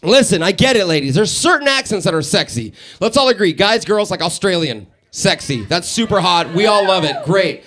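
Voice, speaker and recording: A man doing a stand-up set in a radio station's live studio, animated and laughing at his own jokes. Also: high-pitched, normal speed, few pauses. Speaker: stand-up comedian.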